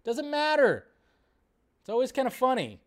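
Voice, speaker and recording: A man hosting a live stream in casual commentary, animated, swearing freely and mocking others in exaggerated voices. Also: extremely high pitch, normal speed. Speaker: show host.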